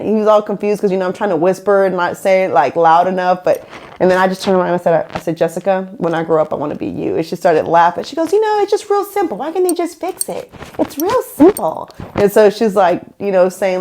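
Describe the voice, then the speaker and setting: A woman's voice: mid-range voice, slight background noise. A woman podcast host telling a story in casual chat, acting out the people she quotes. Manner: animated, acts out quoted people.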